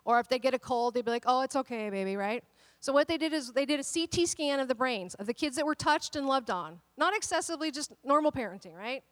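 Woman pastor, conversational sermon, lively, fairly high-pitched, dry sound. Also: fast talker, dry recording. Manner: animated, conversational preaching with many restarts.

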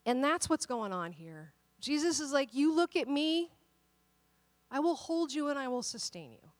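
A woman pastor in her thirties preaches with a high, bright-pitched voice, recorded dry and close with little room sound. She moves from quiet personal storytelling, acting out the voices in her story, to loud, emphatic calls to her listeners. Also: very animated, moderate pace, no room sound. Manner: personal storytelling, quotes voices in dialogue, builds to emphatic exhortation. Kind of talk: sermon.

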